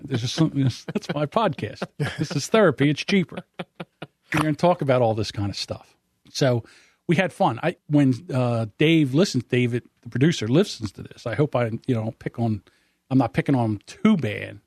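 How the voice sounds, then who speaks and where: A man's voice: mid-range voice, moderate pace, breathy edge, no echo, clean studio sound. A man in his fifties hosting a podcast in casual chat, telling stories with lots of animation and acting out what other people said. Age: 50s. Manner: animated storyteller, acts out others' lines. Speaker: podcast host.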